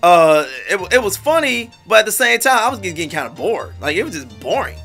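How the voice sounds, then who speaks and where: A young man with a high, bright voice that swings up and down a lot. He rants bluntly in a casual movie review chat. Faint music plays underneath. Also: very animated, fast. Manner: blunt, ranting, repeats "garbage". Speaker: co-host.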